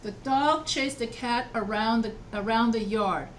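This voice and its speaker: A woman writing instructor leads an online class with patient repetition, checking that everyone follows along. Her voice sits a little high and sounds far from the laptop mic. A faint hum runs under the video-call audio. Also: a little slow.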